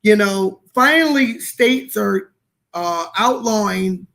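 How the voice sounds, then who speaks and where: Gravelly podcast guy, kinda high voice, earnest, talks from experience. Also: normal speed, a bit bright. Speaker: podcast co-host. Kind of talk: casual podcast chat.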